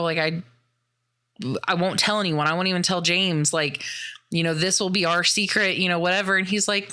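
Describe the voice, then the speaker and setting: Low, bright-voiced woman recapping a film. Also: normal speed, clean tone. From American Midwest. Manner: animated retelling, acts out quotes, swears often. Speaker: podcast host. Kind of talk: casual movie recap.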